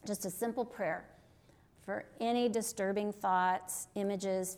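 A woman's voice: lowish voice, darkish tone. A middle-aged woman giving an earnest, conversational sermon-style teaching, often checking in with her listeners. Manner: earnest, conversational, with frequent rhetorical "right?". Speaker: teacher on deliverance ministry.

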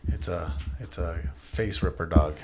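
A blunt man co-hosting a comedy podcast, swearing and throwing questions at the others. His voice sits on the low side. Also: unhurried, creaky, darkish tone, faint music behind. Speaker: podcast co-host. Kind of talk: casual comedy podcast banter.

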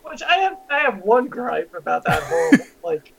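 A man's voice: very high-pitched, big pitch swings, normal speed, gravelly, a bit bright, breathy edge. A man co-hosting a casual podcast chat, giggly and nitpicking as he talks. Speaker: podcast co-host. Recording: muffled lo-fi recording.

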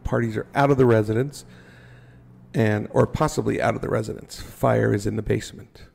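A man telling a firefighting story in a casual podcast chat, animated and joking at his own expense. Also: fairly low pitch, fairly quick, creaky, slightly rough. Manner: animated, acts out his own panicked thoughts, jokes at himself.

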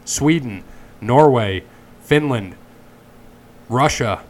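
A man's voice: mid-range voice, expressive, drawn-out words. A man hosting a casual sports podcast, chatting and reading sponsor plugs in a loose, joking way. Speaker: podcast host.

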